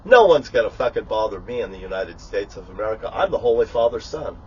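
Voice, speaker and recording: A man's voice: fairly low pitch, sing-song, fast talker, slightly rough, highs cut off. A man talking casually in a rambling, profane, grandiose rant while cooking in his kitchen. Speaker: vlogger. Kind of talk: rambling live vlog monologue.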